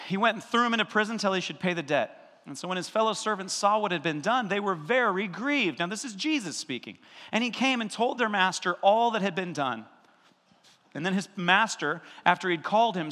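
Lively pastor guy preaching, high bright voice, big echoey church sound. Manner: animated, acts out voices, conversational asides. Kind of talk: sermon.

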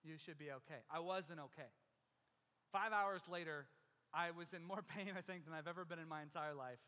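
A man's voice: a little high, normal speed, sharp tone. A man preaching, telling a personal story with self-mocking humor and acting out the other people in it. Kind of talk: sermon storytelling. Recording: long hall reverb.

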